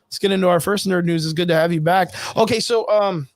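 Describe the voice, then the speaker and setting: A man's voice: sits high, fast, no room sound, studio quality. A man hosting a casual live stream, rambling loosely with lots of fillers and frequent swearing. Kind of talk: casual chat. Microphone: home streaming setup.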